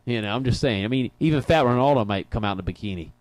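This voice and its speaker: Speaking fast in a medium-pitched, slightly mellow voice with no room sound, a man co-hosts a soccer talk show. He's miked on headphones in a studio. The casual sports chat is peppered with laughs and rambling restarts.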